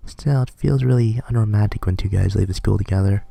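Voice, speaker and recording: A man reading a visual novel aloud in a dry, deadpan way. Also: lowish voice, fairly quick, vocal fry, few pauses, husky, soft background music. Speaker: game reader.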